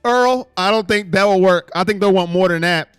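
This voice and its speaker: A man hosts a casual sports live stream, reading fan comments aloud and swinging animatedly between low mutters and loud exclamations. His voice is clear and resonant at a normal speed, with faint music behind and echo-free, studio-quality sound.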